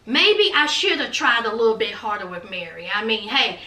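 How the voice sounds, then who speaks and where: A woman's voice: on the high side, expressive, moderate pace, sharp tone, distant mic, pitched below the performer's own voice. A woman voicing an upset man who doubts his girlfriend, in a musing, resigned manner. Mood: rueful. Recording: roomy, off-mic.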